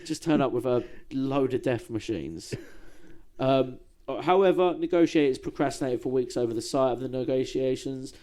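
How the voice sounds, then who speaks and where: A man's voice: mid-range voice, moderate pace, warm tone. A man co-hosting a podcast, retelling history in a casual, slangy, joking way. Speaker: podcast co-host.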